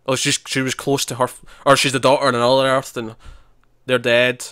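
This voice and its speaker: A man's voice: mid-range voice, little pitch movement, fairly quick, pushed and bright, clean tone, no echo, clean studio sound. A man co-hosting a podcast in casual chat, chatty and laughing often, acting out quotes as he talks. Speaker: podcast co-host.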